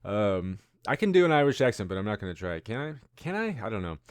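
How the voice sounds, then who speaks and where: A man's voice: fairly low pitch, big pitch swings, quick pace, smooth, no room sound, studio quality. A man in his thirties hosting a casual news-commentary show, rambling and musing with self-deprecating asides. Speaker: host.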